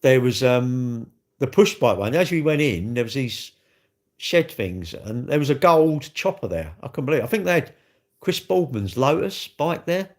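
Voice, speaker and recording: A man's voice: mid-range voice, sing-song, normal speed. A man hosting a livestream, chatting casually and joking with viewers in a rambling way. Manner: rambling, jokey banter. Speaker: livestream host.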